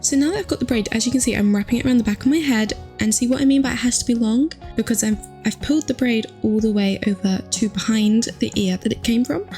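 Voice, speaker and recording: A young woman chatting casually through a hair tutorial, upbeat and full of fillers, her voice still rough from just waking up. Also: fairly high pitch, fast talker, hardly any pauses, dark tone, faint music behind. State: morning voice, just woken.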